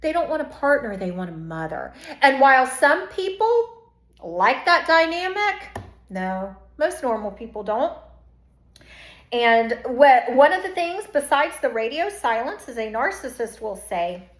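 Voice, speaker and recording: Brief: high-pitched woman coach, emphatic direct-to-camera talk, roomy echo. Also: very animated, unhurried. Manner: emphatic, acts out quoted voices; repeats phrases for emphasis. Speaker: self-esteem coach. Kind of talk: casual direct-to-camera monologue.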